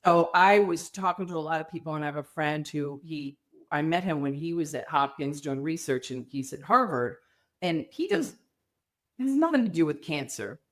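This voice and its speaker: A woman's voice: low voice, normal speed. Emphatic middle-aged woman telling her story. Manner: animated, emphatic, acts out quoted people. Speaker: podcast guest. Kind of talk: candid interview storytelling.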